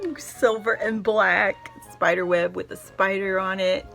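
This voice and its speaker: A woman's voice: medium pitch, unhurried, gravelly, hardly any pauses, fairly bright tone, soft background music. A woman gushing and gasping as she opens craft gifts for her vlog audience. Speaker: craft vlogger opening gifts. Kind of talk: casual gift unboxing.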